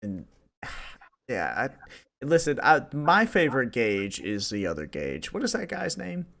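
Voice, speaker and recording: A man chatting on a podcast with a bright, forceful voice. His pitch jumps around a lot, and he laughs easily and breaks off his sentences. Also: a little slow, vocal fry. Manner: animated, laughs often, trails off mid-sentence. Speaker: podcast co-host. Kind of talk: casual chat.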